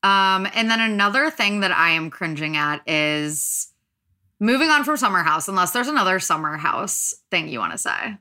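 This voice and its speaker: Bright-voiced young woman gossiping. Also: medium pitch, expressive, moderate pace. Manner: chatty gossiping, lots of fillers. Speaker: podcast host. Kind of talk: casual chat.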